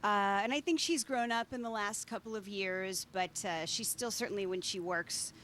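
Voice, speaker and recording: A woman's voice: medium pitch, normal speed, fairly bright tone, slight background noise. A woman actress answering interview questions, chatty and self-deprecating. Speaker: actress guest.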